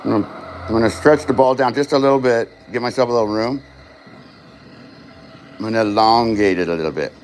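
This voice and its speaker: A man's voice: medium pitch, fairly quick, long pauses, darkish tone, a little hiss or hum. Rambling, cursing man demonstrating glassblowing. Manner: rambling, profane, self-distracted. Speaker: glassblowing livestreamer. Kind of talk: casual live demonstration.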